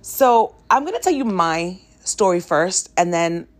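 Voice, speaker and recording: A woman in her thirties tells a story to her listeners as a podcast host, chatty and candid. Her voice sits low for a woman. It swoops up and down with lively, animated inflection. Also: a little slow. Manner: chatty, candid, self-mocking. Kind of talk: casual storytelling monologue.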